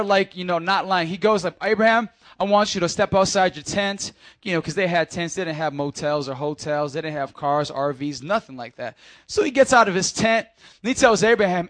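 A man with a high, slightly bright voice, recorded dry, preaches a sermon in a casual, conversational style. He addresses his congregation directly and acts out scenes from the Bible.

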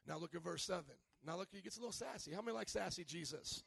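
A pastor in his thirties delivers a lively, joking sermon and sometimes shouts. His voice is high and strongly gravelly. The recording is dry and close. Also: fast, no room sound. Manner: animated and humorous, at times shouting.

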